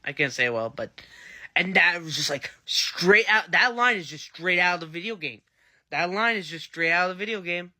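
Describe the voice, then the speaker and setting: A man's voice: high-pitched, animated, moderate pace, pushed and bright. A man giving a casual, rambling, enthusiastic review of a TV episode. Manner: enthusiastic, rambling fan chatter. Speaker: TV show reviewer.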